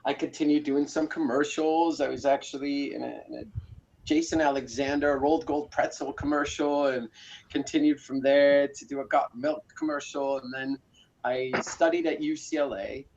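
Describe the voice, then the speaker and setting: A man's voice: on the high side, fairly even intonation, normal speed, creaky, a little mellow, slight background noise. Rambling man from South Africa, muffled. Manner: rambling, with many fillers and restarts. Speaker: guest. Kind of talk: storytelling interview talk. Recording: slightly muffled audio.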